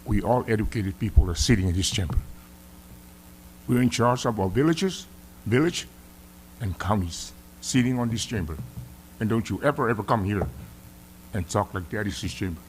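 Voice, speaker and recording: Speaking at normal speed and pausing often, a middle-aged Samoan-accented senator gives an expressive, lowish-voiced scolding to an official. The setting is a hearing in a legislative chamber, with slight background noise behind this formal address.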